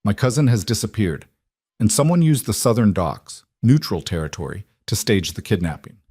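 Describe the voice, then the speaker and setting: A man voicing a dangerous male mafia boss who speaks in a cold, even, threatening way. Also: fairly low pitch, normal speed, husky, dry recording, clean studio sound.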